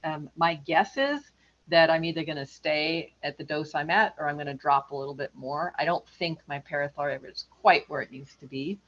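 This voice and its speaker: A woman guest in an interview, speaking calmly and reflectively in casual chat. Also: low voice, normal speed, highs cut off.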